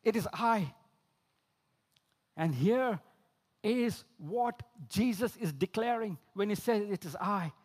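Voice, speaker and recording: A man preaching a sermon, repeating key phrases, calling listeners friends, and swinging between emphatic outbursts and low, quiet lines. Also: lively intonation, slow pace, pauses often. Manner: rises to emphatic high exclamations, drops low for quoted lines.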